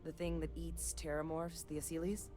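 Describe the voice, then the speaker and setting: An actress voicing a woman in a video game who briefs the player on a creature in a brisk, matter-of-fact way. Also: low-pitched, level tone, dark tone, lightly acted. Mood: informative. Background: game music.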